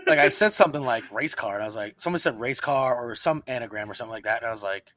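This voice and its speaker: A man's voice: medium pitch, quick pace, dry recording. Swearing, storytelling podcast man, dry sound. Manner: swearing, animated storytelling with quoted voices. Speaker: podcast co-host. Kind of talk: casual chat.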